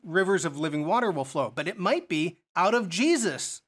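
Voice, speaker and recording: A man's voice: sits high, lively intonation, normal speed, fairly bright tone. A man teaching a Bible study lesson, explaining verses and asking rhetorical questions as he goes.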